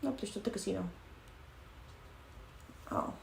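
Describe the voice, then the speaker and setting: A woman's voice: mid-range voice, wildly swooping pitch, measured pace, vocal fry, a little mellow, slight background noise. A young woman streaming live, chatting casually in a rambling way full of fillers and swearing. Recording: echoey room.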